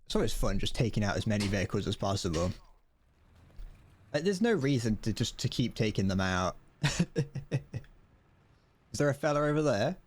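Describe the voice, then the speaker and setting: A young man streams a tank game and talks to his chat the whole time. He swears freely, laughs often and jokes at his own expense. His pitch swoops up and down in an animated way. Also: normal speed, long pauses, slight background noise. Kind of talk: casual gameplay commentary.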